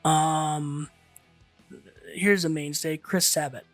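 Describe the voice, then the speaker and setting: Man, podcast guest, earnest, slightly higher voice, faint music behind. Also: steady tone, slow, a bit bright. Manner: earnest, opens up about a hard time. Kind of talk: casual chat.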